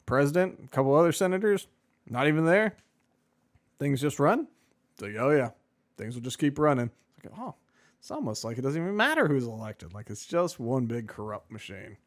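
A man's voice: on the high side, very animated, brisk. A man co-hosting a podcast in casual chat, rambling and sarcastic with many fillers. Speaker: podcast co-host.

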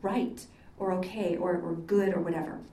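A mellow, lowish voice with fairly even intonation belongs to an older Catholic sister talking at a moderate pace. She tells stories in a chatty, conversational lecture with many ums, heard from a distant mic in an echoey meeting hall.

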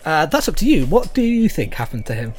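A man's voice: fairly high pitch, big pitch swings, a little fast, faint music behind. A man narrating as game master, chatty, with many fillers.

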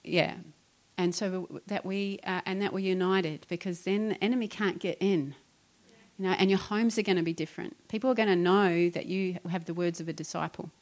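A middle-aged woman pastor, preaching in a conversational and animated way and acting out her own complaints. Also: on the low side, normal speed. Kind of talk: sermon.

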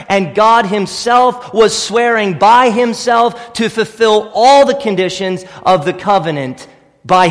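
Pastor in the pulpit: a man with a high voice, emphatic preaching, long reverb from the church room. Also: a bit bright. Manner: emphatic preaching with repeated rhetorical questions. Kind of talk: sermon. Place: church sanctuary.

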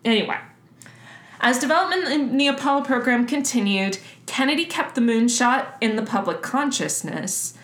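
Chatting casually about history as a podcast co-host, a woman speaks at a moderate pace in a slightly high, expressive, somewhat bright voice. Her delivery is loose and filler-heavy, and the recording has a roomy echo.

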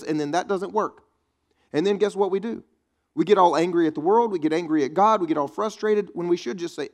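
A man's voice: on the high side, brisk. Conversational preacher man. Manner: conversational preaching with quips to the congregation. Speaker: pastor. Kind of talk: sermon.

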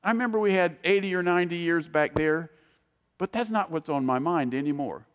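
A man preaching a sermon, telling stories with animated swings between soaring and hushed delivery. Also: on the high side, a little fast, smooth, long reverb tail. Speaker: pastor.

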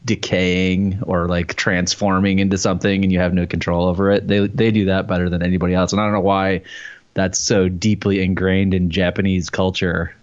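A man's voice: deep voice, little pitch movement, a little fast, muffled recording. A man co-hosting a podcast, rambling wryly and laughing often. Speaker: guest co-host. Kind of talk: casual podcast banter.

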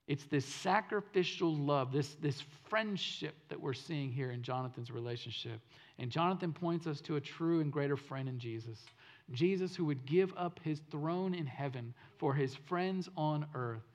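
A male pastor preaching a sermon in an earnest way, repeating phrases for emphasis and telling stories, swinging from loud to hushed. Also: on the high side, moderate pace. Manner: storytelling delivery that swings between loud and hushed.

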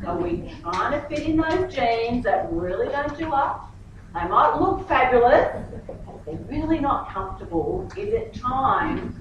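A woman's voice: on the high side, noisy background. A middle-aged woman pastor giving a sermon in a church hall, telling personal stories and acting out the dialogue. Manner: animated storytelling, acts out dialogue. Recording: echoey hall, distant mic, muffled.

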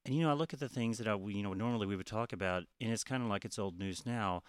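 A man's voice: fairly low pitch, rapid-fire, clean tone, dry recording. A man co-hosting a podcast in a casual, profane, chatty way, often laughing. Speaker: podcast co-host. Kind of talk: casual chat.

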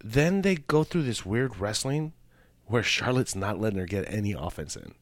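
A young man chats about wrestling in a casual podcast, jokey and animated. His low voice swings widely in pitch. The sound is close and dry. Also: no room sound. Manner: animated, jokey, quick reactions. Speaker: podcast co-host.

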